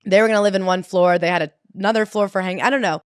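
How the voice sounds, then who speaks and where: A woman co-hosting a casual book-club podcast, jokey and animated, reading quotes aloud. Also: medium pitch, fast, dry recording, studio quality. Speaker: podcast co-host.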